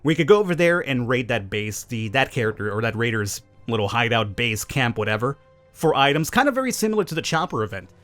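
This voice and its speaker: A man's voice: medium pitch, big pitch swings, fast, a bit bright, soft background music. A man hosting a gaming channel, answering viewer questions in casual, chatty commentary with opinionated, wry asides. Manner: chatty, opinionated, self-aware cynical asides.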